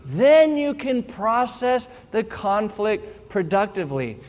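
A man preaching a sermon as pastor, calm and teacherly, leading his congregation to read verses aloud. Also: high voice, slow. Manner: calm, teacherly, leads the crowd in reading aloud. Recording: long hall reverb.

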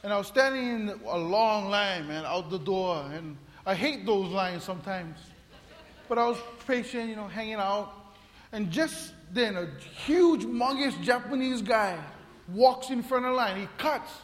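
High-voiced pastor in a reverberant hall. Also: male voice, expressive, a little slow. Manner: playful storytelling, acts out voices, laughs often. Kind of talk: sermon with comic story. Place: church hall. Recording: long reverb of a large hall.

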